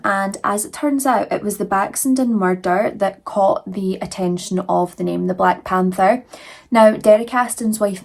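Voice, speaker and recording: Woman, casual true crime narration, chatty, viewer asides, mid pitch. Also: darkish tone.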